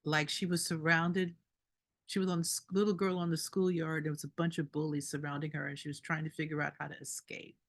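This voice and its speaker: A woman doula telling a story at a group meeting, animated and indignant, laughing between lines. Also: low voice, fairly quick.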